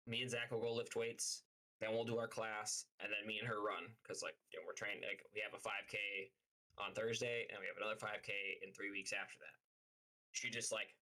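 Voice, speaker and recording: A man's voice: on the low side, fairly even intonation, brisk, pushed and bright, low-quality recording. A young man casually telling a story on a live stream, rambling and swearing often, with lots of "like". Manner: profane, rambling, heavy use of "like".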